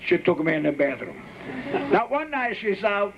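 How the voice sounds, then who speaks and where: A man telling a joke on stage in a gravelly voice, acting out the voices of the people in it. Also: high voice, expressive, brisk, a little hiss or hum. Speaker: entertainer on archive stage recording. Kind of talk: stage comedy and singing. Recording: dull archive recording with music.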